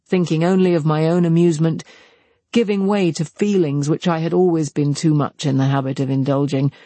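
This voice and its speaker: A man reading aloud and voicing an earnest young gentleman confessing in an intense, serious way. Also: fairly high pitch, no echo. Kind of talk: audiobook character voice.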